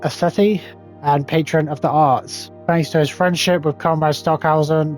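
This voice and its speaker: A young man with a slightly high voice reads game text aloud, tripping over long words. He cuts in with sarcastic, sweary remarks while faint game music plays underneath. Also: darkish tone. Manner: stumbles over hard words. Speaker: gaming YouTuber. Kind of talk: reading game text aloud with casual commentary.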